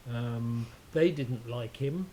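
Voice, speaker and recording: A man's voice: mid-range voice, slow, dark tone, rough recording. A man telling a story in a casual chat, hesitant with many ums and a dry teasing humour, over a faint hiss.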